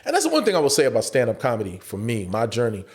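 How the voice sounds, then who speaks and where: A man chats as a guest on a relaxed podcast, an actor and stand-up comic telling stories from his career. He talks at a brisk clip, his voice leaping up and down as he jumps into the voices of the people he quotes, and he swears freely along the way. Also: mid-range voice. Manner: animated storyteller who acts out quoted voices, heavy profanity. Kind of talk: casual podcast interview chat.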